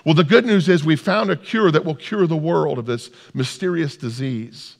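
A man voicing a calm, insistent male doctor who urges in a low, quiet, measured way. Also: vocal fry. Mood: urgent. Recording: long hall reverb.

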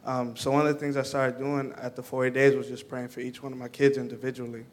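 A young man tells a personal story to a church group. He talks haltingly, with many fillers and restarts. His pitch stays level throughout. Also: level tone. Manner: halting, full of "um" and "like". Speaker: church member giving a testimony.

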